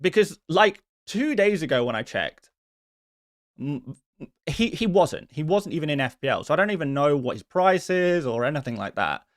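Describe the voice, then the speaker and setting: A man's voice: on the high side, sing-song, normal speed, dry recording. A man talking on a live stream in an easygoing way, with a voice that rises and falls a lot. He jokes at his own expense and laughs often. His sound is close and dry, with no room around it. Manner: chatty, self-deprecating, laughs often. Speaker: fantasy football streamer. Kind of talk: casual live-stream chat answering viewer questions.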